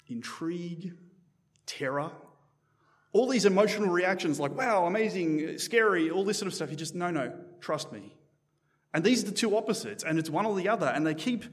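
A man preaching a sermon in a church in a conversational, animated way, often restarting his sentences. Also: a little high, big-room sound. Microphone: microphone.

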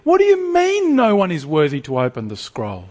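A man preaches to a congregation. His fairly high voice leaps up and down in pitch. He often stumbles and restarts his phrases as he talks. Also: moderate pace, in a large hall. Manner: lively, animated, stammering restarts. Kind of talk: sermon.

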